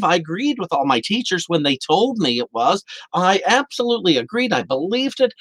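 Man, minister, livestreamed sermon, lively rising and falling pitch, dry close sound. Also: moderate pace, few pauses, dry recording. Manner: earnest and animated. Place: indoor room of a church. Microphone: camera for a livestream.

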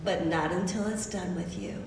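A woman's voice: lowish voice, normal speed, vocal fry, recorded from a distance, background noise. A woman preaching in an echoey hall. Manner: animated, emphatic storytelling with asides. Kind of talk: sermon. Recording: echoey hall recorded from afar.

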